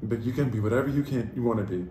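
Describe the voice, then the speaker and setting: Male co-host, loud and animated, swears freely; echoey room, faint hiss. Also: mid-range voice, very fast. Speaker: podcast co-host. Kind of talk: casual chat.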